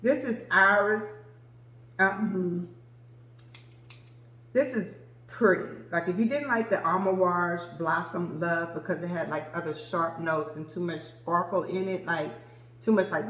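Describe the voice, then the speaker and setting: A woman's voice: lowish voice, unhurried, a bit bright, reverberant, poor audio. A woman in her forties reviewing perfumes in a casual, chatty way, gushing and addressing viewers as "girl" and "y'all". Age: 40s. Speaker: vlogger reviewing fragrances. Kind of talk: casual chat to camera.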